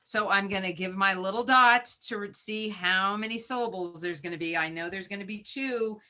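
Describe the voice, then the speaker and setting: A woman teacher presenting a webinar, modeling a phonics lesson as she sounds out syllables slowly and makes chatty asides and self-corrections. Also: mid-range voice, bright, forceful tone. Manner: slow, deliberate sounding-out of syllables.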